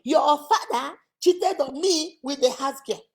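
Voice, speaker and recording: A woman's voice: high-pitched, measured pace. A woman acting out a bitter wife who tells her young child scornful things about the father. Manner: scornful, insulting.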